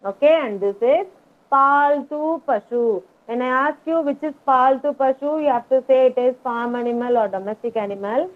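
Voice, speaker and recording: A woman teaching a kindergarten class online, slowly and patiently repeating each word for the children to echo. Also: high voice. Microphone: video call. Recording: tinny video call audio.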